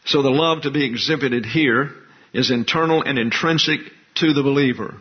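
A male preacher works slowly through his point, restating key phrases so they land. His voice sits at an ordinary middle pitch. The recording is a little dull and lo-fi. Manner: measured, methodical, repeats key phrases. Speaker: Bible teacher. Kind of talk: expository sermon.

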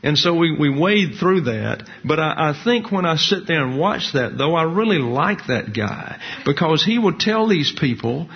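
A man, preaching a sermon in a measured, folksy teaching manner with colloquial asides. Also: on the high side, expressive. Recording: dull lo-fi recording.

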